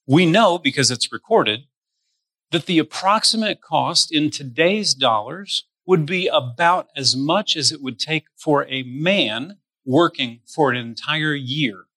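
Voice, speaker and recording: A man's voice: a little high, expressive, measured pace, sharp tone, dry recording. A man preaching a sermon as pastor. He speaks straight to his listeners and stretches his stressed words. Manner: addresses listeners directly.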